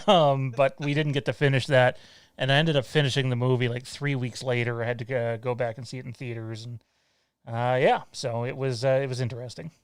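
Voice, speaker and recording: A man from Canada co-hosting a casual podcast, talking bluntly with plenty of fillers and some swearing. His voice comes across smooth and clear, with a dry, close sound. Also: medium pitch, steady tone, fairly quick, dry recording. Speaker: podcast co-host. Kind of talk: casual chat.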